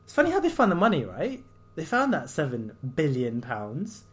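A man's voice: on the high side, huge pitch swings, normal speed. Exasperated man ranting on a podcast. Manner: exasperated, sardonic, mocking quoted voices; loose and rambling, with many fillers and restarts. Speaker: podcast host, doctor. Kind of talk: solo podcast commentary.

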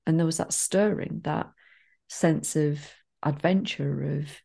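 Low, gravelly-voiced woman podcaster. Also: dark tone. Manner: earnest, measured, personal storytelling. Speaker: podcast co-host. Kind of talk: casual reflective chat.

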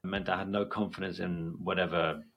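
A man's voice: low voice, level tone, lo-fi sound. A man, a doctor, telling candid stories about his early work in a casual chat. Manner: candid storytelling, quick and rambling.

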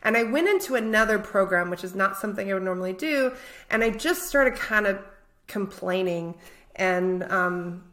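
Bright-voiced woman telling stories. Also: medium pitch, normal speed. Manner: animated storyteller, frequent "like". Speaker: therapist and podcast co-host. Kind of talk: casual conversational chat.

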